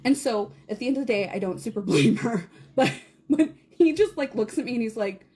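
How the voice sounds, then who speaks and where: High-pitched breathy mom telling a story. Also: female voice, brisk. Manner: animated, laughing, acts out quotes in a high squeal. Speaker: podcast co-host. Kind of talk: casual storytelling chat.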